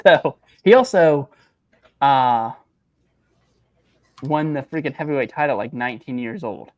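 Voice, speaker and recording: Animated man telling sports stories. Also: medium pitch, no echo. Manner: animated storyteller, quick laughs, acts out quotes. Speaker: podcast co-host. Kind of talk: casual chat.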